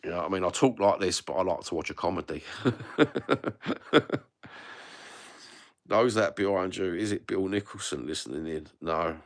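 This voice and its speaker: A man's voice: low-pitched, fast talker, few pauses. A middle-aged man with a London accent, ranting bluntly and swearing freely while chatting casually to a live audience. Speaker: livestream host reading chat. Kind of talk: casual live-chat rant. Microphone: phone.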